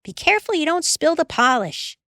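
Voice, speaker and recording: A woman voicing a bossy, nagging teenage older sister with a hurried, scolding, shrill manner. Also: sing-song, no room sound, clean studio sound.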